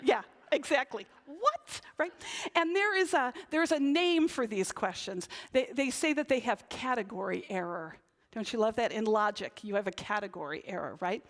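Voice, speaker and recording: This church sermon comes from a Northern New England woman pastor whose voice is a little high and whose pace is moderate. Her delivery is relaxed and talkative, with "right?" tagged onto many of her points.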